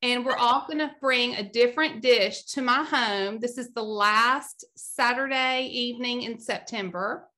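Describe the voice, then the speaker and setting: A woman's voice: on the high side, a little slow, few pauses, sharp tone. A woman chatting casually and eagerly about plans for her book club's cooking night. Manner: eager, upbeat, explaining plans. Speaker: book club organizer. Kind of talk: casual chat.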